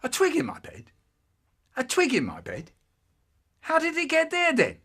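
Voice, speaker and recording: A man voicing a boy, the narrator's cheerful older brother, who speaks in a bright, eager way. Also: extremely high pitch, huge pitch swings, moderate pace, pitched above the performer's own voice, full character voice. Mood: surprised.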